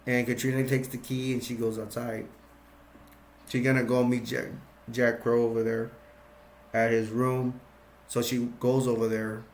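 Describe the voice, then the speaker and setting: A man's voice: mid-range voice, flat delivery, measured pace, pauses often, a little hiss or hum. A man casually recapping a film scene by scene, rambling, restarting his sentences and chuckling as he goes. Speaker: film reviewer. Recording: roomy echo.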